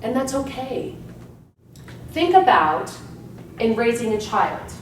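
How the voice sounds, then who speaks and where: Energetic woman doing a seminar talk, keeps going "right?", faint hum behind, kinda far from the mic. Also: a little high, slow pace. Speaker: motivational speaker. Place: seminar room with an audience. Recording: echoey room, distant mic, faint background hum.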